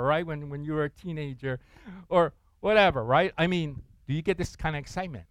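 A pastor preaches a sermon with lively delivery, putting on excited voices for the quotes he acts out and posing questions to the congregation. His voice sits a little high and moves briskly, with no room sound in the recording.

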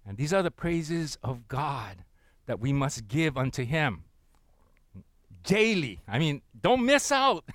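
A man preaching a sermon, leading the congregation in reading scripture aloud and swinging between loud urgency and soft hushed asides. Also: a little high, big pitch swings, slow, dry recording. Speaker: pastor.

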